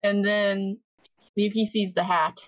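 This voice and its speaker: A woman on a podcast, casually recapping episodes and acting out the characters' lines in an animated way. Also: mid-range voice, slow, muffled recording. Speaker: podcast co-host.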